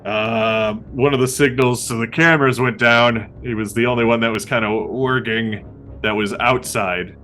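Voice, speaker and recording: A man's voice: mid-range voice, steady tone, moderate pace, bright, forceful tone, soft background music. A man playing a tabletop survival game with a friend, telling his character's days in a loose, swearing, laughing way. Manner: laughs often, swears, trails off and repeats himself. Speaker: player and podcast host. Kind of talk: casual tabletop game play with in-character journaling.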